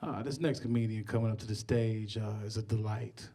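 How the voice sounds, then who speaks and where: A man hosting a stand-up show, doing loud, playful crowd work between acts. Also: lowish voice, steady tone, fairly quick. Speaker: host introducing comedians. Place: comedy stage before a live audience.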